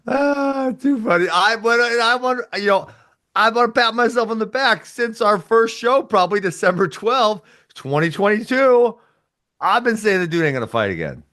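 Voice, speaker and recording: A man's voice: high voice, lively intonation, moderate pace, bright, forceful tone. A man co-hosting a podcast, joking and laughing in casual banter. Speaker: podcast co-host. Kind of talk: casual chat.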